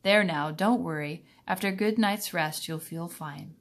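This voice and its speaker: A woman reading as a gruff, gentle storybook father. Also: fairly high pitch, measured pace. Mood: reassuring. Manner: soft, reassuring.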